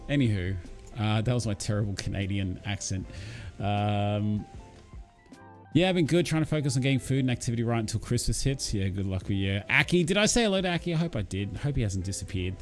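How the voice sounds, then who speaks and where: Chatty guy with rambling talk. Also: mid-range voice. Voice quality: rambling, full of fillers and restarts, chummy. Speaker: channel host reading live chat. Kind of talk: casual livestream chat.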